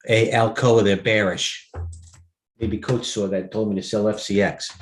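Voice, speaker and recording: A man with a low voice hosts a live trading stream and thinks aloud over his charts. He rambles, drops sentences halfway and jumps to the next thought. The room around him sounds echoey. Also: fairly even intonation, moderate pace. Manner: rambling, offhand, trails off mid-sentence. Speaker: stock market host.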